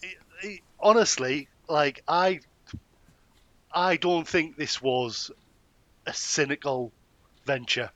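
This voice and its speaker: A man's voice: fairly high pitch, slow, pauses often, a bit bright, lo-fi sound, a little hiss or hum. A man co-hosting a film podcast in casual chat, rambling and joking with many restarts. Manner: rambling, self-interrupting, joking. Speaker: podcast co-host.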